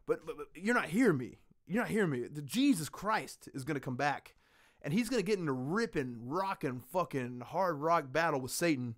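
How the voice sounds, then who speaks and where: A man hosting a podcast in casual chat, ranting with lots of swearing and animated storytelling. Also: on the high side, normal speed. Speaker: podcast host.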